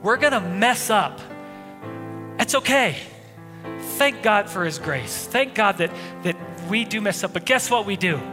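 A pastor preaching a sermon, telling a personal story in a loose conversational way with frequent restarts. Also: male voice, high voice, animated, measured pace. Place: church sanctuary. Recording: long hall reverb, faint music.

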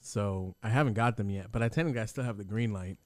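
A man's voice: fairly low pitch, quick pace, no room sound, clean studio sound. A young man co-hosting a podcast in laid-back casual chat. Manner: laid-back, says "bro". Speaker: podcast co-host.

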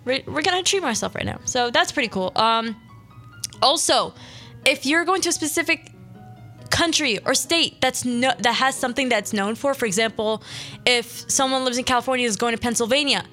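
Bright, chatty young woman host. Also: on the high side, moderate pace, faint music behind. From United States. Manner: chatty, tangent-prone, emphatic. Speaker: radio show host. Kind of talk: casual solo chat.

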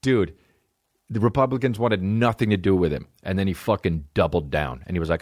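A man hosting a solo podcast, ranting in a rambling, profane way with big swings in pitch. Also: brisk, a little mellow, no echo, studio quality. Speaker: podcast host.

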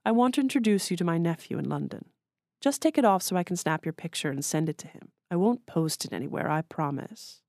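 Woman doing a pushy older auntie, coaxing, low voice. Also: lively intonation, brisk, a little mellow, no room sound, studio quality.

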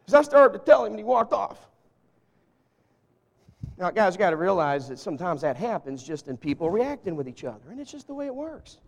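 Southern US pastor, fairly high voice, jokey and folksy with the crowd, long hall reverb. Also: male voice, very animated, fairly quick, gravelly. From Southern US (Arkansas). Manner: folksy, jokey, talks straight to the congregation. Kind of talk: humorous sermon. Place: church sanctuary with a live congregation.

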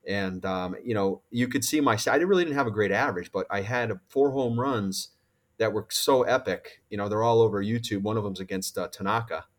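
A man in his forties from Connecticut, a podcast guest telling a story in a casual, animated and profane way. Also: lowish voice, fairly quick. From Connecticut, USA. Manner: animated, profane, acts out quoted dialogue. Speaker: podcast guest, former pro baseball player.

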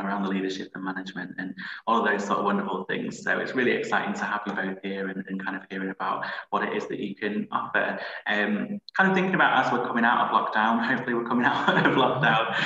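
A man's voice: on the low side, sharp tone. A man hosting an online panel over a video call, friendly and full of "um"s. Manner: friendly, filler-heavy, many "um"s. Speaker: webinar host. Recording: echoey room, dull lo-fi call audio with faint noise.

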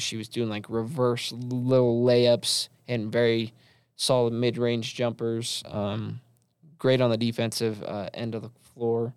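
A man's voice: mid-range voice, clear, resonant tone, no echo. A young man co-hosting a college sports talk show, recapping games in a loose, casual way with lots of fillers. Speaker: college sports podcast co-host.

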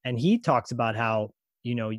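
A man talking as a guest voice actor on a podcast, easygoing and quick to laugh, often restarting his sentences. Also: mid-range voice, no room sound, studio quality. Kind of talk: casual podcast chat.

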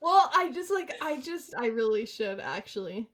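Fast-talking animated young woman. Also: on the high side, slight background noise. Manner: fast, animated storytelling with laughs and acted quotes. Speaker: guest telling a story. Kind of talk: casual podcast chat.

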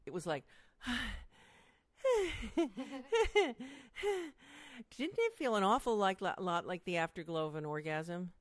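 A middle-aged sex educator is interviewed in an animated conversation, speaking expressively and acting out quotes with big pitch jumps. Her pace is slow with frequent pauses, and the recording is dry with clean studio sound.

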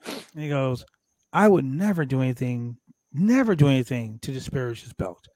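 A man hosting a casual wrestling recap show, talking in an animated, profane way and acting out quotes from the show. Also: mid-range voice, moderate pace, no room sound. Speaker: podcast host recapping wrestling.

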